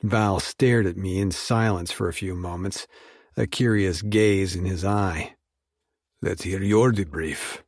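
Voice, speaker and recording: Low, slow male audiobook narrator. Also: fairly even intonation, dry recording, studio quality. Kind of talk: scripted first-person audiobook narration.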